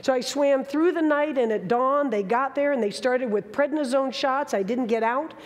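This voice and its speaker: A woman's voice: high-pitched, moderate pace, big-room sound. A woman in her sixties telling a dramatic story on stage, with vivid, emphatic bursts. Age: 60s. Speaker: speaker. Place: large hall with an audience.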